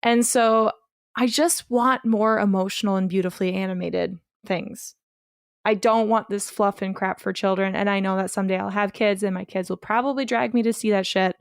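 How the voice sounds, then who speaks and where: A woman's voice: medium pitch, steady tone, normal speed, smooth, no room sound, studio quality. A young woman co-hosting a podcast, talking casually in a gushing, emphatic way and swearing freely. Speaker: podcast co-host. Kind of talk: casual chat.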